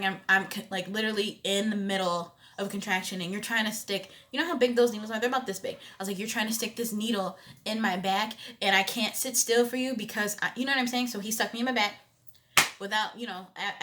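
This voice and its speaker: A young woman in her twenties telling a personal story in a casual vlog, expressive and conversational, with loud emphatic bursts. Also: on the high side. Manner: animated storytelling with frequent "you know what I'm saying". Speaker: vlogger.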